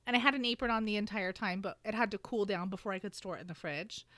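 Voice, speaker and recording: A woman's voice: mid-range voice, fast talker, a bit bright, no echo. A woman co-hosting a book podcast, telling a wry everyday story in casual chat. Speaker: podcast co-host.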